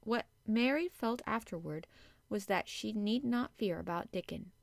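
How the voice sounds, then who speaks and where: A woman reading a classic children's novel aloud, measured and gentle. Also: medium pitch, animated, vocal fry, dry recording. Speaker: audiobook narrator. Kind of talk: storybook narration.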